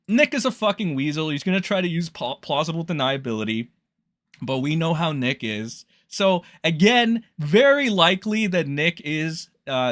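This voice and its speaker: A man's voice: on the high side, fairly bright tone, dry recording, studio quality. A man ranting in a casual commentary, profane, scornful and rambling.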